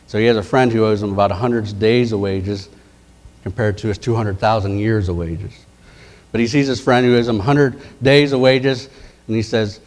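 A man preaching a sermon, retelling parables in a conversational way and dropping his voice low and soft for key words. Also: normal speed. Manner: conversational storytelling, dropping to soft intense tones for quoted lines.

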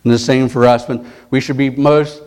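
A man's voice: medium pitch, flat delivery, moderate pace, darkish tone, clear, resonant tone. A male pastor preaching a sermon, retelling stories in a conversational way with frequent repeated words and restarts.

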